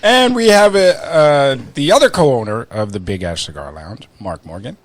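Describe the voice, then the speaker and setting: A man's voice: mid-range voice, moderate pace. A man hosting a podcast, chatting casually with an upbeat manner and frequent laughter. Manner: upbeat, laughs often, lively delivery. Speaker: podcast host. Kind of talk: casual chat. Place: cigar lounge.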